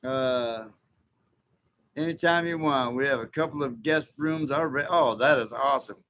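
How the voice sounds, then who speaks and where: A man in his sixties hosts a casual livestream, reading out viewer comments and chatting back. His voice sits at an ordinary middle pitch, and he talks in a loose, rambling way, chuckling often along the way. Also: moderate pace, a bit bright, highs cut off. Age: 60s. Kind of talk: casual live chat.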